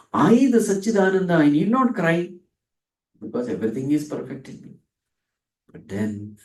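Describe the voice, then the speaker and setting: Male teacher, Vedanta talk, lively up-and-down pitch, mellow tone, roomy echo, mic set back. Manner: asks and answers his own questions; dwells on Sanskrit terms, drawn out slowly. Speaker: spiritual teacher. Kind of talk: Vedanta discourse. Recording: echoey room, from a distance.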